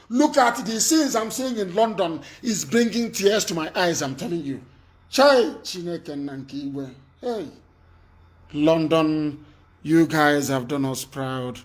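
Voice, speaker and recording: Nigerian guy, high pitched, fired up live radio speech, keeps repeating himself. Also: expressive, slow pace. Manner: fervent, repetitive, swings from hushed to shouting. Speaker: activist broadcaster. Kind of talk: impassioned live radio address.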